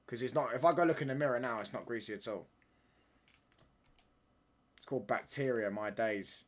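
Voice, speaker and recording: A man's voice: medium pitch, moderate pace, long pauses. A young man hosting a live football watchalong stream from home, reading out viewer chat and answering it with bantering, mock-indignant talk. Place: home room.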